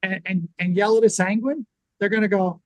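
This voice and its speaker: A man co-hosting a business talk show, teaching in a lively conversational way and acting out what people would say. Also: high-pitched, a little fast, no echo, rough recording. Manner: animated, acts out quoted reactions. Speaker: podcast co-host.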